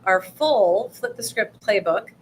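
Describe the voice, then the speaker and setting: A woman's voice: mid-range voice, animated, slow, rough recording. Upbeat woman workshop co-host, promotional and chatty, faint background noise. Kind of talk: workshop talk on pitching investors.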